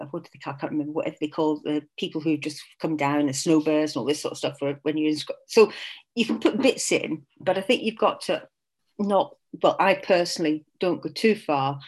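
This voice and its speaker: A woman with a low, husky voice talks casually about her writing. She is hesitant, often pausing and searching for the right word before carrying on. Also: poor audio. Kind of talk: casual chat.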